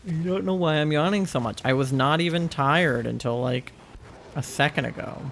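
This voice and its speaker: Young male streamer, headset mic, gravelly and rambling, relaxed chat filler. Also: fairly high pitch, moderate pace, slight background noise. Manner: chatty, rambling, many fillers. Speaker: livestreamer. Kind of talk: casual chat while gaming.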